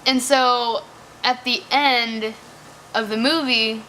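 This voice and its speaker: A woman's voice: a little high, fairly even intonation, slow, bright, forceful tone, a little hiss or hum. A woman casually reviewing a movie, chatty and profane, peppering her talk with "like". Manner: chatty, profane, heavy use of "like". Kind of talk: casual chat.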